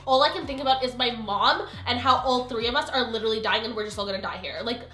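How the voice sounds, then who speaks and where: A young woman telling a storytime on her vlog, animated and exclamatory, full of "like" and quick asides. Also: on the high side. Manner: animated, exclamatory, filler-heavy retelling. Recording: roomy echo.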